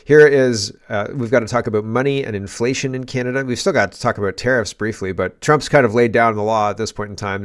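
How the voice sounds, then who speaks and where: A man hosting a casual political commentary show, exclaiming and rambling in disbelief. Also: fairly low pitch.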